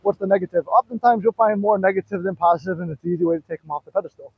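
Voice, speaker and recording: A man's voice: sits high, very fast, vocal fry, breathy edge, no room sound. A man telling rambling stories with many fillers in a casual live talk, out of breath as he walks. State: out of breath, walking. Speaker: manifestation coach. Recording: dry tinny phone-like audio.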